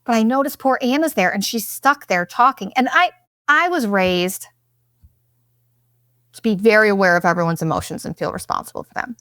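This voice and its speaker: A young woman hosting a podcast, telling a vacation story in a blunt, profane, animated way and acting out what people said. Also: medium pitch, normal speed, no room sound, clean studio sound. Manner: blunt and profane, animated retelling with quoted asides. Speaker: podcast host. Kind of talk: casual storytelling monologue.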